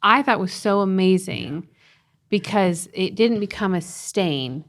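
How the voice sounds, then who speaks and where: A woman co-hosting a parenting podcast, earnestly telling a family story in casual chat, with quick restarts and soft laughs. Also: medium pitch, animated. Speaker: podcast co-host and parenting author.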